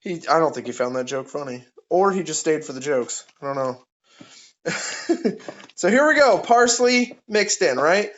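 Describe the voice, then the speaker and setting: A man's voice: a little high, animated, a little slow, fairly bright tone, slight background noise. A man telling jokes and cooking on a casual live stream, playful, with goofy sound effects. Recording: dull lo-fi audio.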